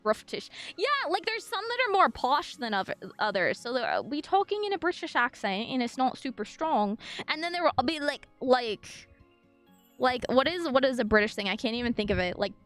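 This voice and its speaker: A young woman streamer from French Canada, bubbly and rambling as she talks with her chat. Her voice sits high and swoops all over, with faint music playing behind her. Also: very animated, moderate pace, a bit bright. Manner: bubbly, rambling, full of fillers and sudden squeals. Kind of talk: casual live-stream chat. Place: home streaming room.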